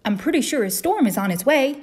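A woman voicing a polite, bookish young boy pirate bunny, talking quick and eager. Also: fairly high pitch, sing-song, a little mellow, husky, voice pushed up. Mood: earnest.

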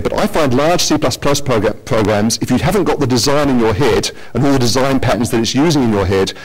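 A man's voice: medium pitch, slightly rough. A man presenting a technical conference talk in a lecture hall, with joking asides to the audience.

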